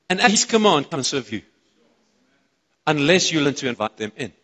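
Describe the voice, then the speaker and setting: A South African man preaches a sermon in a church hall, and his fairly high voice rings out with a long reverb. He is excitable and bounces questions off the congregation. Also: normal speed. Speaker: pastor. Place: church auditorium.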